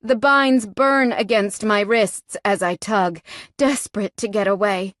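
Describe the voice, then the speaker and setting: A woman reads a first-person romance audiobook with tense drama. She takes her time, and her voice is dry and close with no room sound. Her pitch sits mid-range. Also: a little slow, a bit bright, no echo. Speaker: audiobook narrator.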